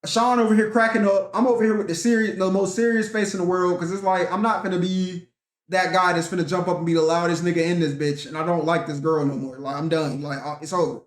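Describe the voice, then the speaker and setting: A man's voice: high voice, fairly even intonation, quick pace. A young man telling a profane, rambling story in a casual rant vlog, talking animatedly and swearing often. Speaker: vlogger. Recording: echoey room.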